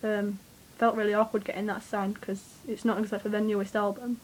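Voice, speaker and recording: A young woman, telling a rambling, excitable story to camera, swearing freely and with lots of fillers. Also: mid-range voice, brisk, slight background noise, poor audio. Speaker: vlogger.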